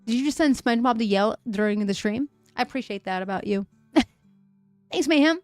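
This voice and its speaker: A young woman hosts a live stream, chatting casually and reading viewer messages aloud with frequent laughter. Her voice sits on the high side with lively intonation and normal speed, though it sounds a bit worn and fried. Faint music plays behind her.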